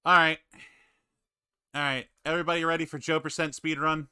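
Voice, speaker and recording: A man with a very bright, crisp voice chats casually while running a stream with friends. He drifts into quiet muttering as he fiddles with the setup, and the sound is dry and close. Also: fairly high pitch, level tone, a little fast, dry recording. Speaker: stream host.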